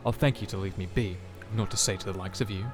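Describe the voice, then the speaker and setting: A man's voice: deep voice, fairly even intonation, fast talker, lightly acted. A man voicing a haughty, snobbish aristocratic man who speaks with stiff, affronted formality, over background music. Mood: disdainful. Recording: music playing behind.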